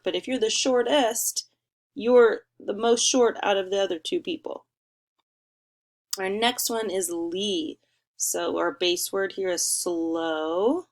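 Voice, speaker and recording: Encouraging woman teaching first graders. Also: fairly low pitch. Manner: encouraging, sing-song teacher talk with slow drawn-out words. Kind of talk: remote spelling lesson for young children.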